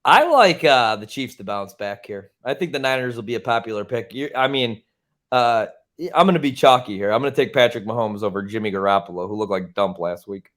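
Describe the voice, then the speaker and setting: This podcast co-host is a man whose voice sits on the low side, a bit bright, expressive and slightly quick. On a casual sports-picks show, he rants heatedly and swears freely while defending his picks.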